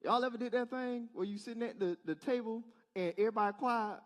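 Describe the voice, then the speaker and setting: High-voiced pastor preaching casually. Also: male voice, quick pace. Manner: casual, talks directly to the crowd with rhetorical questions. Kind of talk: conversational sermon. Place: church service.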